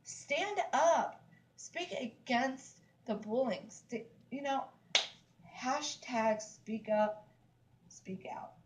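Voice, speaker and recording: A woman's voice: sits high, animated, very slow, background noise. A woman, venting in a casual vlog, emphatic and repetitive, with lots of "like, seriously.". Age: 30s. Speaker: vlogger. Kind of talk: upset casual rant to camera.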